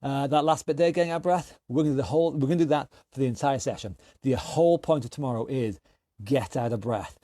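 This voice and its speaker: A man coaching an online workout class, energetic and encouraging as he calls out moves, slightly out of breath. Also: medium pitch, fast, no echo, clean studio sound. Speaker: fitness instructor.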